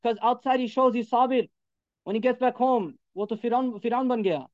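A man with a very high voice delivers a sermon at a rapid clip, pressing each point home by repeating it. His words come through dry and close, with little room sound. The recording is a little dull and muffled. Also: dry recording. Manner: emphatic, repetitive exhortation. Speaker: preacher.

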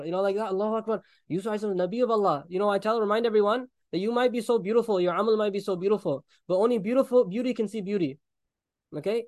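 A man preaching a sermon, retelling a story with animated acted-out voices and frequent laughs. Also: sits high, dry recording.

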